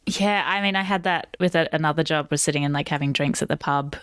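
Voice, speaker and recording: A young woman, a guest actor telling lively stories in a casual podcast chat. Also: low voice, quick pace, clear, resonant tone, no echo, studio quality. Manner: animated storyteller, acts out quoted voices.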